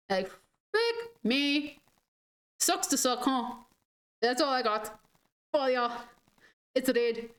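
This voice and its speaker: A woman's voice: high voice, lively intonation, a little slow, fairly bright tone. A young woman streaming a game, chatting casually in a rambling, giggly way full of "like". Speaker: gaming streamer. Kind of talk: casual chat over gameplay.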